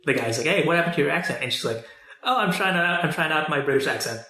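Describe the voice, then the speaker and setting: A man's voice: a little high, expressive, quick pace, pushed and bright, echoey room. A man co-hosting a podcast, chatting casually about movies and TV, rambling with lots of fillers and restarts. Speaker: podcast co-host.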